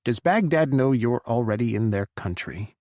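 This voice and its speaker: A man voicing a guarded American president who speaks in a firm, measured way. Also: mid-range voice, animated, a little mellow, dry recording, clean studio sound, natural voice.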